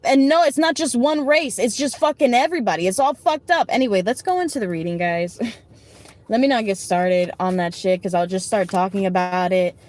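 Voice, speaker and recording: Woman, late 20s, live-stream reader; fairly high voice, blunt, swears constantly, talks back to chat. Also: darkish tone. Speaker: livestreamer giving card readings.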